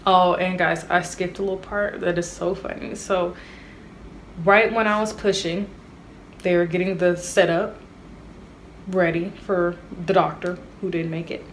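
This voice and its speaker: A young woman tells a casual storytime straight to her viewers, chatty and animated. Her voice sits a little low for a woman. A faint hiss of room noise runs under her speech from the camera mic. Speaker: vlogger.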